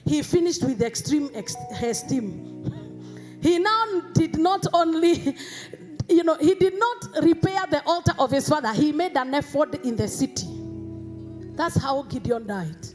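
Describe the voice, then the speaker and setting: A Kenyan woman pastor delivering an emphatic sermon in a church, rising to shouts. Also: sits high, animated, a little slow, faint music behind.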